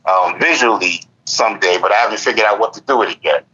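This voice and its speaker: Bright-voiced man in his fifties. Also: on the low side, fast talker. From United States. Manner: reflective, agreeing. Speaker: guest. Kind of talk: casual conversation. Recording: muffled lo-fi audio.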